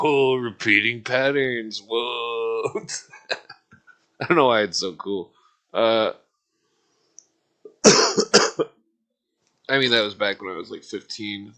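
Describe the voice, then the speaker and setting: A man's voice: on the low side, slow pace, pauses often, bright, forceful tone. Rambling, cursing man in his forties. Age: 40s. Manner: rambling, profane, laughs often. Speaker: streamer. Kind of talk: casual livestream rant.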